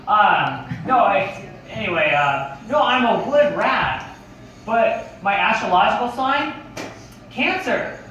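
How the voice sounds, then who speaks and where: A man's voice: sits high, lively intonation, slow, bright, forceful tone, dull audio, slight background noise. A man telling a rambling comic story, swearing and laughing at his own jokes. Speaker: comedian. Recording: echoey room, distant mic.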